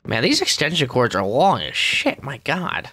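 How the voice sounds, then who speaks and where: A man's voice: mid-range voice, normal speed, a little hiss or hum. A man voicing a grumpy, weary middle-aged male squid, grumbling sarcastic commentary while playing a game. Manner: sarcastic, grumbling, deadpan asides. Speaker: let's play gamer. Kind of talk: character let's play commentary.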